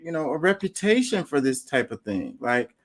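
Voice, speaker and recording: A man's voice: a little high, sing-song, normal speed. A man co-hosting a casual chat, speaking earnestly with many "you know" fillers. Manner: earnest, repeats "you know", reads news aloud.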